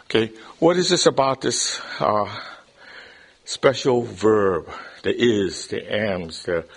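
A man's voice: lowish voice, slow, vocal fry, slightly rough. A man teaching a Bible study class in a classroom lecture style. He explains things step by step, often checks in with his listeners, and repeats words as he starts a thought.

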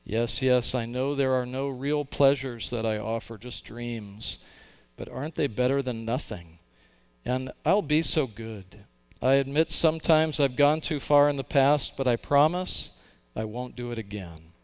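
A man voicing a hushed, wheedling lizard creature. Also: mid-range voice, unhurried, clear, resonant tone, natural voice. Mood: coaxing. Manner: pleading, coaxing, hushed. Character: wheedling male lizard clinging to a ghost.

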